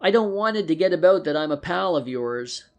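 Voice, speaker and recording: A man's voice: high-pitched, lively intonation, fairly quick, voice pushed up. A man doing a sly grumbling petty thief. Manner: coarse, aggrieved.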